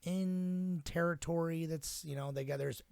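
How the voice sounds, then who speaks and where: A young man with a gravelly, fry-laden voice talks through a movie plot in a loose, rambling way, swearing freely and dropping into brief character voices. The sound is dry and close, with no room around it. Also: a little high, steady tone, darkish tone, no room sound. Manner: profane, rambling retelling with quick put-on character voices. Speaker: podcast co-host. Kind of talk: casual film recap chat.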